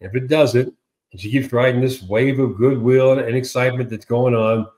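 A man co-hosting a casual political chat, animated and sarcastic, who often repeats words and acts out quotes. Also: mid-range voice, normal speed. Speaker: co-host.

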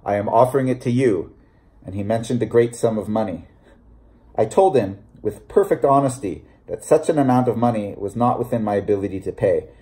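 Man with a mellow reading voice. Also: lowish voice, animated. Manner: measured, deliberate reading. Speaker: audiobook reader. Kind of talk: scripted narration.

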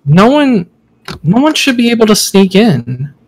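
Guy doing a teasing schoolboy, bit high voice, trips over words, fan audio drama. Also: big pitch swings, exaggerated voice. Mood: puzzled. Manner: halting, stammering, then mocking. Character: cocky teasing male student.

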